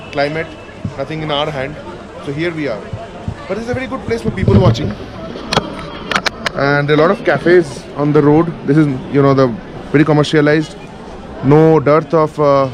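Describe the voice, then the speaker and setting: A man from India chatting casually as a travel vlogger, showing viewers around a hotel room and balcony over a busy street. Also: fairly high pitch. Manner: chatty, touring the room and pointing things out to viewers. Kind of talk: casual travel vlog chat. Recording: outdoor street noise.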